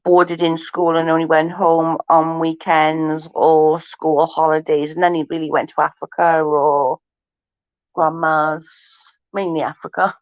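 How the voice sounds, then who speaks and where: A woman's voice: deep voice, little pitch movement, unhurried, no room sound. A chatty woman hosting a casual livestream, swearing freely and laughing often as she chats with viewers. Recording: dull lo-fi stream audio.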